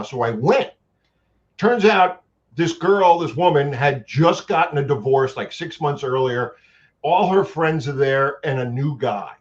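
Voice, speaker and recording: A man's voice: on the high side, moderate pace. A man, a guest actor and paranormal investigator, telling long-winded stories in a casual chat, with lots of restarts. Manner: animated, long-winded anecdotes with many restarts. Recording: dull lo-fi sound.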